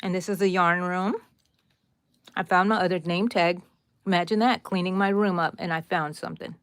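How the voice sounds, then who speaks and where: A woman's voice: lowish voice, steady tone, normal speed, a bit bright, no echo. Chatty Texan woman hosting a crochet stream. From Texas, USA. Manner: chatty, talks straight to viewers, rambling asides. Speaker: crochet livestream host. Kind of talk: casual live crochet tutorial.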